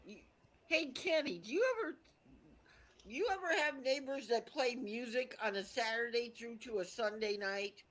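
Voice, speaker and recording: A woman's voice: on the high side, normal speed. A woman guest on a casual livestream chat who teases playfully and throws out questions. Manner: playful, teasing, asks questions.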